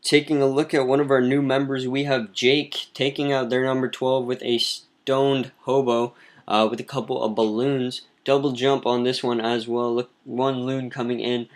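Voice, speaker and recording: A man's voice: medium pitch, normal speed. A man casually narrating replays of mobile game attacks as clan leader, with lots of ums and restarts. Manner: relaxed, filler-heavy, self-correcting. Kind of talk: casual gameplay commentary.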